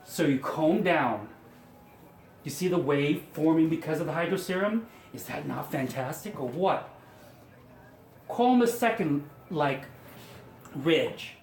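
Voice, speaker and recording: Taking it slowly with long pauses, a man with a slightly high, somewhat mellow voice and lively intonation guides viewers through styling hair. As a hairstylist he's chatty and encouraging, mocking himself now and then, in an echoey room with faint ambience and a little hiss or hum.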